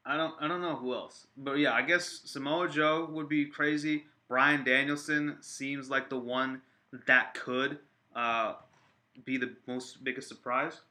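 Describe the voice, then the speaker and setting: Bright-voiced rambling man chatting casually. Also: mid-range voice. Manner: rambling, many fillers and restarts, excitable. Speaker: wrestling vlogger reacting to viewer comments. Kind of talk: casual live-stream chat.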